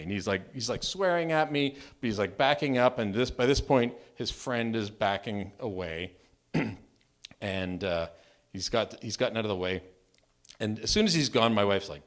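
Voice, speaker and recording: A man telling a true story on stage, wry and self-deprecating, animated in his delivery. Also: lowish voice, normal speed. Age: adult, married. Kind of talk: live storytelling.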